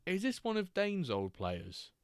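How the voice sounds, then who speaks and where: A man's voice: sits high, wildly swooping pitch, a little slow, no echo, studio quality. A man hosting a live stream, chatting casually and joking as he reacts to chat and the games.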